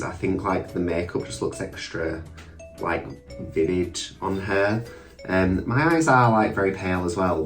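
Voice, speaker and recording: Low-voiced chatty man. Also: reverberant, recorded from a distance. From England. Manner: chatty, self-mocking, sweary asides. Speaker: drag queen vlogger. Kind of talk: casual makeup tutorial chat.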